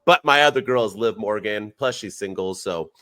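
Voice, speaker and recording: Excitable man in his forties, dry sound. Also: on the low side, moderate pace, no room sound. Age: 40s. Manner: excitable, emphatic fan talk. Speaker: podcast co-host. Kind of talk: casual chat.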